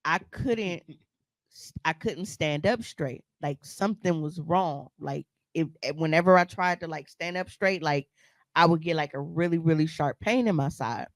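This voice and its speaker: A woman's voice: sits low, moderate pace, no room sound. A woman co-hosting a podcast, telling a story in casual chat, blunt and profane, with frequent laughs. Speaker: podcast co-host.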